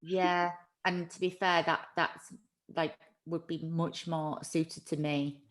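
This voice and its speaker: A woman's voice: sits low, level tone, takes it slowly. Chatty woman hosting a live chat. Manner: chatty, laughs often, self-deprecating. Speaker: livestream host.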